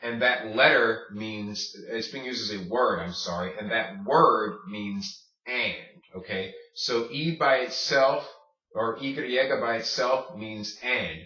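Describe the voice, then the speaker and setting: A man teaching a casual language lesson, patient, repeating words slowly and checking in with "okay?". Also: fairly low pitch, sharp tone. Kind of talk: casual classroom-style lesson. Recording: roomy, distant, dull lo-fi sound.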